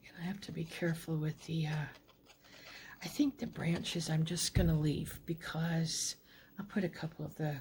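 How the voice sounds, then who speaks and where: A woman with a low, gravelly voice talks through her craft project in a rambling, self-deprecating way. Her words often drop to soft near-whispers as she concentrates. A faint hiss of background noise sits under the voice. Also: flat delivery, moderate pace. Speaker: crafting channel host. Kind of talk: casual crafting talk-through.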